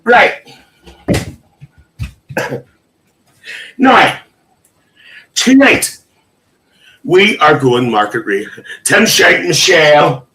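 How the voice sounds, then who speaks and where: A man's voice: on the high side, bright, forceful tone, low-quality recording. A man hosting a casual livestream, reading viewers' comments aloud in an emotional, chatty way with frequent laughter. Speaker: livestream host.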